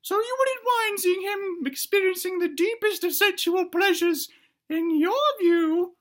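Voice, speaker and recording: A man doing a prim, preachy old granny spirit. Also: unhurried. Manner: high, quavering, preachy and old-fashioned. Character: prim, scolding old grandmother spirit with supernatural powers. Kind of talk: comedic storytelling.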